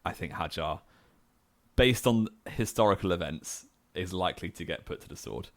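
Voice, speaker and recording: A man with a very low voice co-hosting a casual podcast chat. He states firm opinions steadily and laughs easily. The sound is dry and close, with no room around it. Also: lively intonation, moderate pace, dry recording. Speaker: podcast co-host.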